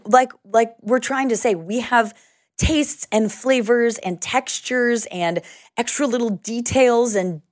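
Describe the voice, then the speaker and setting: A woman's voice: on the high side, slow, no echo. Woman, upbeat co-host, casual chat, dry close sound. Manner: upbeat, enthusiastic.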